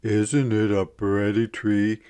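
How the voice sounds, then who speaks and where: A man's voice: on the low side, flat delivery, slow, dark tone, clear, resonant tone. A man voicing a drowsy, cheerful father bear in a storybook read-aloud.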